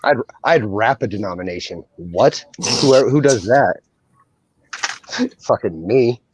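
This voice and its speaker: A man's voice: lowish voice, animated, slow, breathy edge, dry recording. Brash, profane man chatting. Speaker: coin channel co-host. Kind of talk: casual livestream chat.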